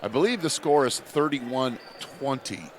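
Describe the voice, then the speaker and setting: A man's voice: medium pitch, animated, measured pace, heavy background noise. A man in his fifties giving basketball color commentary, explaining plays in a coach-like way. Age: 50s.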